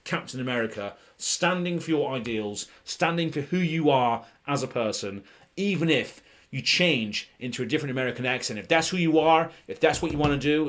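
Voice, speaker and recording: A man's voice: on the high side, fairly bright tone. A British man hosting a casual live stream of card pack openings, rambling and joking with lots of "um" and restarts. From Britain. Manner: rambling and jokey, full of "um" and restarts.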